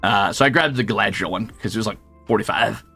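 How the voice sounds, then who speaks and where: A young man chatting casually while gaming, telling stories with jokes and swearing and jumping into high voices to quote people. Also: fast, creaky, breathy edge, soft background music. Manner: animated storyteller, jumps into high squeaky voices when quoting. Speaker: streamer.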